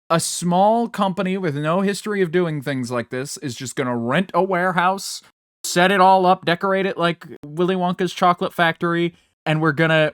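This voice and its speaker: A man's voice: on the high side, fairly bright tone, clean tone, no room sound, studio quality. Rambling, profane male podcast co-host. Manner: rambling, profane, laughs often. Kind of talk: casual chat.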